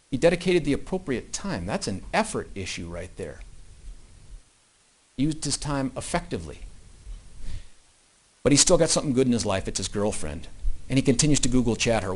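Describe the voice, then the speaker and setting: A man at medium pitch delivers a prosecutor's opening statement in a courtroom. He tells it as a story, jumping between loud emphatic lines and low, hushed asides. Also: sing-song, normal speed.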